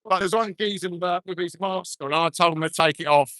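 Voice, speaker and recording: A man's voice: sits high, fairly quick, fairly bright tone, no room sound. An older man talking bluntly and jokingly into a handheld phone while live-streaming outdoors at a crowded street march. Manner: chatty, blunt, jokey. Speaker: livestreamer at a march. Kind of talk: casual live-stream chat.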